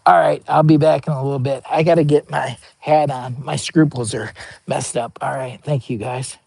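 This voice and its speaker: Gravelly, goofy man vlogging. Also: medium pitch, steady tone, moderate pace, a little mellow, dry recording. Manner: rambling, goofy, swearing, slangy. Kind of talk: casual product review vlog. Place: camping outdoors.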